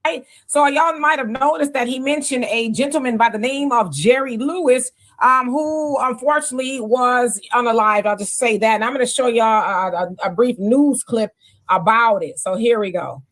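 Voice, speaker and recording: A woman hosting a commentary show, calmly setting up clips for viewers. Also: a little high, normal speed. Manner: calm, introduces clips. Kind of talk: casual commentary.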